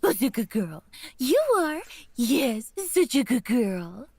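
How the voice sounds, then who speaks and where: A woman's voice: on the high side, big pitch swings, slow, a little mellow, slightly rough, no echo, heavily acted. A woman voicing a coy, manipulative woman who talks down to others with a magic voice. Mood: cooing. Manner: coy, purring, condescending. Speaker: voice actor reading a character.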